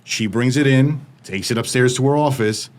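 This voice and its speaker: Male podcast guest, middle pitch, vivid casual storyteller, studio mic. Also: normal speed. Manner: vivid storytelling with frequent "like" fillers. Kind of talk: recounting a personal story.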